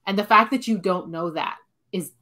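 A woman's voice: lowish voice, normal speed, sharp tone. A woman in a casual podcast chat, earnestly thinking aloud with many fillers.

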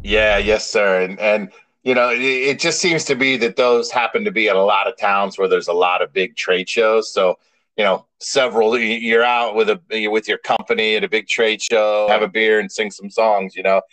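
A man's voice: on the low side, normal speed, dry recording, rough recording. Middle-aged guy cohosting a podcast, tells stories and gets worked up, dry close sound. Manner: animated storyteller, rising excitement. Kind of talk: casual chat, storytelling.

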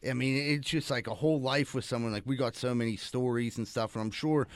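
A man's voice: medium pitch, fairly even intonation, a little fast, no echo. A man reminiscing in casual chat with friends, peppering his speech with "like.". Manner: reminiscing, filler-heavy, says "like" a lot. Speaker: friend in conversation.

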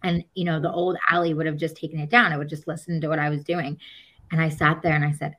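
A woman with a low-pitched voice talks through a personal story in casual conversation. She is animated, acts out the voices of people she quotes and laughs now and then as she goes. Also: fast, rough recording. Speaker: podcast guest.

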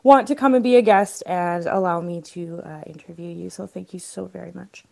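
A woman hosting a podcast, warmly thanking her guest and signing off. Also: on the low side, moderate pace, vocal fry, a crowd in the background. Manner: warm, grateful. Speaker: podcast host. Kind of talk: closing a show.

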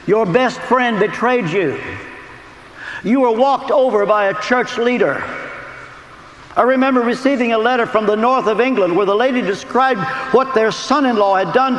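A male preacher delivers a sermon with earnest storytelling and dramatic pauses. His high, lively voice swings widely in pitch, and a long reverb from a big tent hangs behind him with faint ambience. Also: a little hiss or hum.

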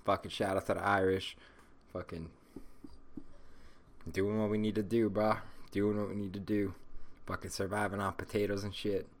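Male solo podcast host, low voice, rambling stoner rant full of swearing. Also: level tone, normal speed, pauses often. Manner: rambling, heavily profane, stoned.

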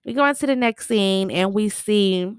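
A woman's voice: medium pitch, moderate pace, clean tone, no room sound, studio quality. A woman casually recapping a TV episode, telling it in a chatty, slangy way with lots of fillers.

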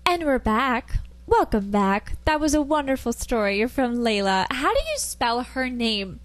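Woman cohost w a slightly high voice, chatty and agreeable. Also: sing-song, a little slow. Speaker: podcast co-host. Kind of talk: casual podcast chat.

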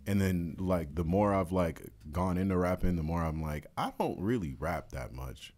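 Young musician guy, really low voice, rambly and chill, swears a bunch. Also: lively intonation, moderate pace, darkish tone. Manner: laid-back, rambling, swears. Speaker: musician guest. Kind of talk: casual chat.

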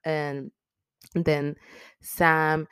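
Smooth, dry-voiced casual movie recapper. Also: medium pitch, flat delivery, fairly bright tone, no room sound. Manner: profane, chatty, slangy storytelling; acts out characters' lines in quick voices.

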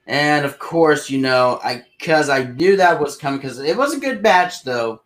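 A man co-hosting a casual wrestling podcast, recapping matches in a slow, rambling way with sudden loud outbursts. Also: on the high side, lively intonation. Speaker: podcast co-host.

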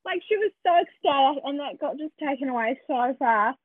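A young woman chatting casually and excitedly, giggling along. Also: high-pitched, fairly quick, no room sound. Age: young adult. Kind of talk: casual chat. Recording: dry tinny phone-like line.

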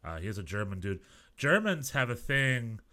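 This is a man co-hosting a casual podcast, with a bright, forward tone and a middling pitch. He rambles through stories, restarting sentences and piling on asides. The delivery stays loose and animated. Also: moderate pace. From United States. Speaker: podcast co-host. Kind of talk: casual chat.

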